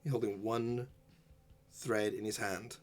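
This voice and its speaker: A man narrating a tabletop role-playing game as game master, describing scenes slowly and deliberately. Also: on the low side, fairly even intonation.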